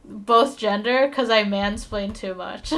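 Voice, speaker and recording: A woman streaming live while she draws, chatting casually with her viewers in a playful, rambling, self-mocking way, quick to apologize and laugh. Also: mid-range voice, a bit bright, a little hiss or hum.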